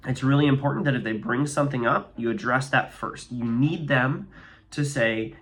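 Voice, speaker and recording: A man's voice: mid-range voice, moderate pace, fairly bright tone. A man who runs a landscaping business, giving casual, upbeat advice in a walk-and-talk vlog and often checking in with "okay?".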